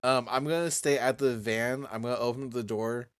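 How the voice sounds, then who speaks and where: A man narrating as game master in a casual tabletop role-playing session, with relaxed, halting speech and frequent restarts. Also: mid-range voice, slight background noise.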